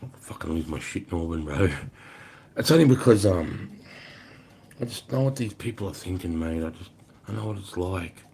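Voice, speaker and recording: A man in his forties with an Australian accent and a slightly low voice. He talks loosely on a livestream, answering viewers. His speech is blunt and heavy with swearing, and he throws in "mate" and "bro" all the time. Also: lively intonation, normal speed, pauses often, mellow, slight background noise. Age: 40s. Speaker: livestream host.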